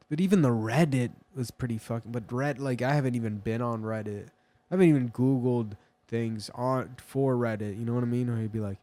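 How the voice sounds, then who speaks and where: A man's voice: medium pitch, a little fast, warm tone. A man rambling through a crude, joking, meandering casual monologue as a vlogger.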